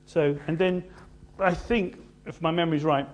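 A man preaching a sermon in an animated, conversational way with playful asides. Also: a little high, moderate pace.

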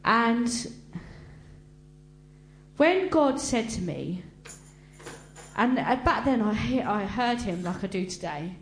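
An earnest woman shares a personal testimony before a congregation, speaking slowly and deliberately. Her delivery is halting, with restarts, and her voice breaks with emotion at times. The sound is roomy, with a faint hum underneath. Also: fairly high pitch, lively intonation.

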